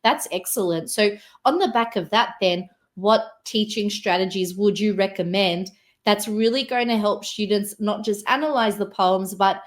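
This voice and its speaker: A woman's voice: mid-range voice, normal speed. Female podcast co-host, teacher, supportive and affirming, leads with questions. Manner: affirming, asks guiding questions. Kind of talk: casual educational podcast chat.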